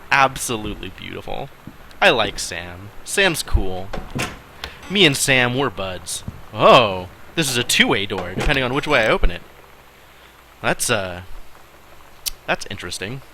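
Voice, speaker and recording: A man streaming a game, musing aloud in casual commentary with wry asides and quiet mutters. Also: fairly low pitch, sing-song, a little slow, pauses often, slight background noise.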